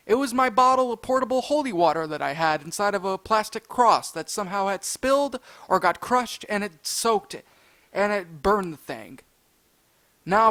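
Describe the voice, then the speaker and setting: High-voiced excitable male storyteller. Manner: animated, excitable, swings into high loud outbursts. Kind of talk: casual storytime narration.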